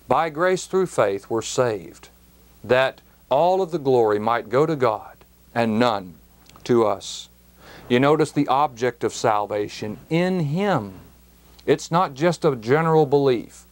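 A man teaching a Bible verse on his program, in an earnest, emphatic preaching manner that lifts on key words. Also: medium pitch. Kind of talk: slow, deliberate Bible teaching broadcast.

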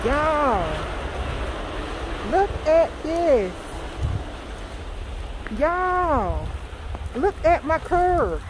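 A high-pitched Southern American woman vlogging on her phone outside in the snow. Her voice swoops up and down as she exclaims and calls out to her viewers, and her delivery stays slow and drawn out. Faint wind noise sits behind her. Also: sing-song. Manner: exclaiming and dramatic, calling out to viewers. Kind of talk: casual vlog, talking to camera.

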